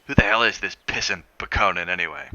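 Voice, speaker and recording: A man voicing a brash, crude middle-aged businessman who fires off loud, demanding questions. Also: lowish voice, lively intonation, brisk, dry recording, dull audio, exaggerated voice. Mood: indignant.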